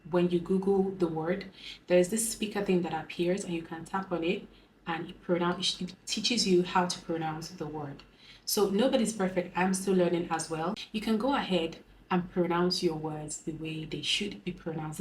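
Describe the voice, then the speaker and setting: A young Nigerian woman with a Nigerian English accent, giving advice to her viewers in a slow, calm, deliberate way. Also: fairly low pitch, a little hiss or hum, low-quality recording. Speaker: beauty and lifestyle vlogger. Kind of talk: advice vlog.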